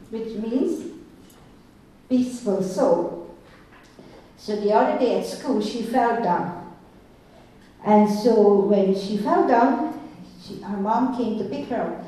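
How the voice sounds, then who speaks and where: Woman, spiritual teacher, unhurried and gentle, questions her audience; distant mic, very echoey room. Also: medium pitch, slight background noise. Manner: calm, measured, asks the audience questions. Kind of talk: slow reflective spiritual talk to a group.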